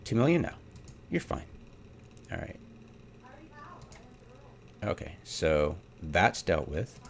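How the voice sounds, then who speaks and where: A man's voice: low voice, sing-song, takes it slowly, gravelly, a little hiss or hum. A man giving casual, exasperated commentary as he builds a game setup, full of rhetorical questions and ums. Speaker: game theorycrafter. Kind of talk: casual ranting commentary over gameplay.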